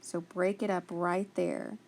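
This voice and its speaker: A woman's voice: fairly low pitch, little pitch movement, slow pace, darkish tone. A woman teaching a phonics spelling lesson, patiently sounding out letters and praising each answer.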